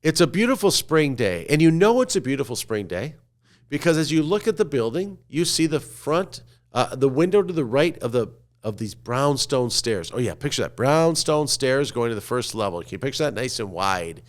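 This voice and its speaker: A man hosting a podcast, telling a slow guided-imagery story and dropping to a hushed, low voice at the ends of phrases. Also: sing-song. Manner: slow, coaxing, asks listener to picture scenes. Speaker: podcast host.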